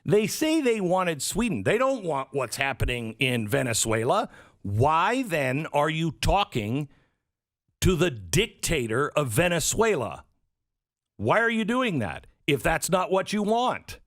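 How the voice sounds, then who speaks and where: Sarcastic talk-show man, lively pitch. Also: unhurried, no echo, clean studio sound. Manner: sarcastic, acts out quoted voices. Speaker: radio show host. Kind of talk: political talk commentary.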